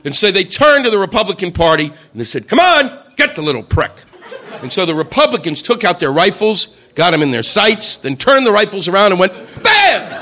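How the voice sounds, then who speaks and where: Male stand-up comic, high and lively, bright forceful voice. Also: quick pace, few pauses, a little hiss or hum. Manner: animated, shouts quoted voices, profane. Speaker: stand-up comedian. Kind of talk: stand-up routine.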